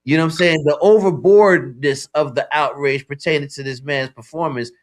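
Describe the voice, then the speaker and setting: A man's voice: a little high, moderate pace. A man co-hosting a talk radio show, stumbling over repeated words and often saying "you know what I'm saying" in a loose debate.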